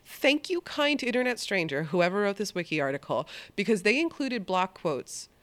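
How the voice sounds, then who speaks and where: A woman hosting a podcast, chatting casually and swearing now and then. She sounds animated, with a lively, varied pitch. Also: moderate pace. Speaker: podcast host. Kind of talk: casual chat.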